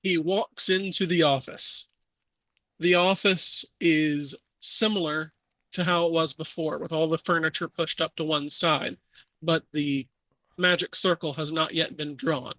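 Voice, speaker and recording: Deliberate game master narrating, man. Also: on the high side, fairly even intonation, pushed and bright, dry recording. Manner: measured, with many fillers. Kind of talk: narrating a tabletop horror game.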